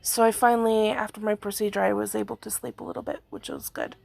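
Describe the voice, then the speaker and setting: A hoarse woman with a rambling manner, giving a casual video update on earthquakes. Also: mid-range voice, huge pitch swings, fast talker, a little mellow, dry recording. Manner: rambling, frequent fillers and yawns. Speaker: earthquake forecast vlogger.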